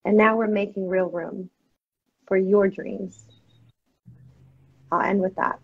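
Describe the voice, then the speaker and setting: A woman's voice: mid-range voice, steady tone, takes it slowly, gravelly, slightly rough. A woman business coach, a guest on a podcast, speaking passionately and upbeat with frequent "like"s. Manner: passionate, upbeat, uses "like" often. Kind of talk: casual interview chat. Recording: dull, muffled audio.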